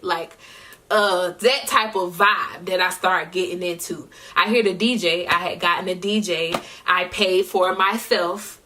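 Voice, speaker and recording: A woman telling a long, rambling story in a casual vlog, with lots of fillers and shout-outs. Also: fairly low pitch, a little slow. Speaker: singer recapping her year. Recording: voice a bit distant from the mic.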